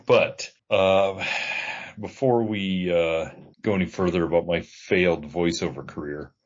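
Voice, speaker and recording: A man's voice: sits low, measured pace, dull audio. A man hosting a podcast, chatting casually and laughing often, trailing off with fillers. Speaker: podcast host.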